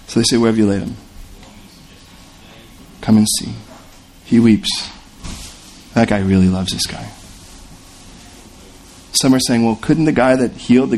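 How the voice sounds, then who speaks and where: A man preaches a sermon in an expressive, storytelling way, acting out the voices of the people in the story. His voice sits at a middle pitch, and a faint noise runs under the recording. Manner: expressive preaching, acts out the voices of biblical figures. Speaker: pastor.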